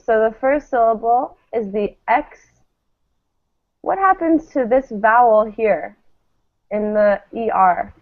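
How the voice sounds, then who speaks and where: A woman teaching English pronunciation, patiently modeling words for her class to repeat. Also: a little high. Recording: tinny phone-like lo-fi sound.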